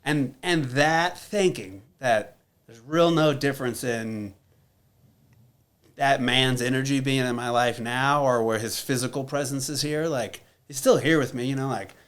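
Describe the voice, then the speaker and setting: An unhurried, slightly bright, medium-pitched male voice. He's in his thirties and is a guest on a podcast, telling a personal story bluntly and candidly, swearing a lot and leaning on plenty of fillers.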